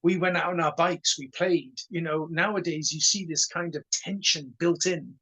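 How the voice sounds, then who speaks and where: A man in his sixties, a karate instructor telling stories in an interview, animated and stumbling over repeated words as he acts out conversations. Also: fairly high pitch, moderate pace, low-quality recording. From Wales. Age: 60s. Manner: animated storyteller who stutters on repeated words and acts out dialogue. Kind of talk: casual storytelling interview.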